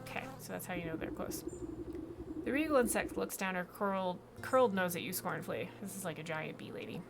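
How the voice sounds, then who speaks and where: A woman streaming a video game, commenting in a dry, low-key way and muttering to herself. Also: fairly quick, vocal fry, noisy background.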